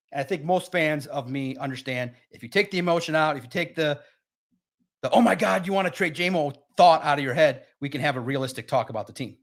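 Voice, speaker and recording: A man speaks casually and with plenty of energy to his chat viewers while hosting a sports livestream. His voice leans high, with a fairly bright tone.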